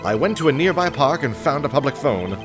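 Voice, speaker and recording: A man voicing a squirmy, sneaky male newspaper salesman in a video game, using a fake British accent and a high, nervous, fawning voice. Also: expressive, a little fast, music in the background, natural voice. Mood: nervous testimony.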